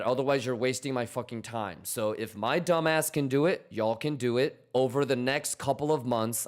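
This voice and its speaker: Hyped, profane male trading streamer. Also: mid-range voice. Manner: hyped, profane, teasing, repeats questions to chat. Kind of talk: casual live-stream chat to viewers.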